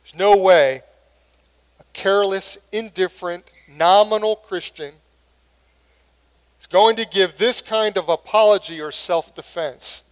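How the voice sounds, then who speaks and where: A man's voice: sits high, measured pace, clean tone. A middle-aged male pastor preaching a sermon in an earnest, conversational way.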